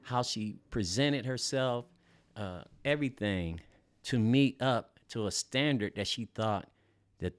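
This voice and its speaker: A man's voice: lowish voice, a little mellow, no room sound. A middle-aged man from Los Angeles hosting a casual podcast, telling stories in a loose, slangy way with lots of fillers and swearing. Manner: laid-back and loose, heavy on fillers and slang, swears freely. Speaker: podcast host.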